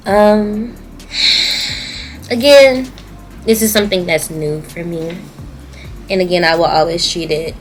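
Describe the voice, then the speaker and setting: Speaking directly to her viewers, this young Southern US woman shares candid, emotional thoughts in her video diary as a YouTuber. She has a fairly low-pitched voice, and the recording is low quality.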